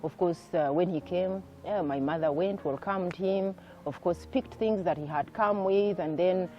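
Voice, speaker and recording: Soft-spoken woman, low voice, lo-fi. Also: unhurried. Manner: soft-spoken, reflective, many fillers. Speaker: interview guest. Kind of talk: personal life story in an interview. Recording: dull lo-fi recording with faint music.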